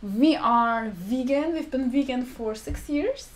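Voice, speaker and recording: A woman hosting a casual mukbang live stream, talking slowly and clearly to her viewers in a friendly, chatty way. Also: high-pitched. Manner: slow, deliberate speech for viewers; friendly, chatty, laughs often. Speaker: vlog host.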